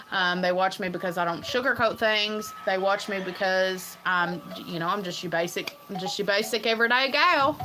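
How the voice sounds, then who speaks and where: A woman's voice: mid-range voice, rough recording. A woman talking casually on her own livestream, rambling and earnest with many ums and restarts. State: tearful at times. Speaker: livestream host. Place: farm home.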